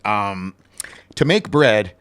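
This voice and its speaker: A man co-hosting a casual chat, telling stories in a rambling, animated way. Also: lowish voice, extremely slow, smooth. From Texas, US. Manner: rambling, animated storytelling with laughs. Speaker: co-host.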